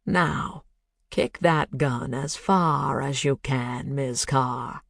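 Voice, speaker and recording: A narrator putting on a synthesized male voice with a Boston accent that gives slow, taunting orders. It is in no hurry and stretches every command. It is an audiobook read, recorded close and dry. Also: mid-range voice, gravelly, a bit bright, no room sound, exaggerated voice. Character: cold synthesized male voice, controlling captor.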